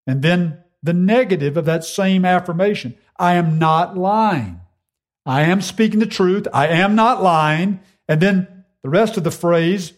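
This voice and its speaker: A man preaching an expository sermon, earnest and emphatic, slowing down to repeat key phrases for weight. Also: a little high, darkish tone.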